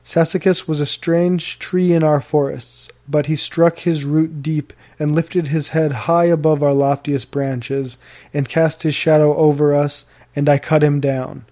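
A man's voice: fairly high pitch, dark tone. A man voicing a tall, gaunt, grim warrior who speaks in a grave and stately way.

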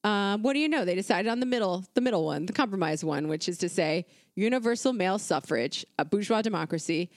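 A woman's voice: mid-range voice, expressive, fast talker, hardly any pauses, no room sound, clean studio sound. A woman co-hosting a casual history podcast, talking in an irreverent, profane, conversational way with plenty of fillers. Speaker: podcast co-host.

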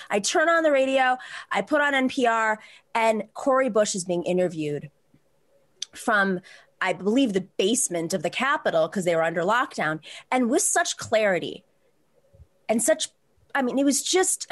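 A woman hosting a talk show, telling a personal story in a quick, animated way with many restarts. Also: fairly high pitch. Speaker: host.

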